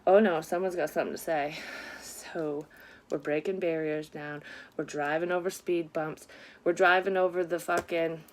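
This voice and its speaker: A woman's voice: deep voice, steady tone, moderate pace, slight background noise. A woman giving a casual psychic reading to her viewers, rambling, sighing and swearing freely as she talks. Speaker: psychic medium doing a reading.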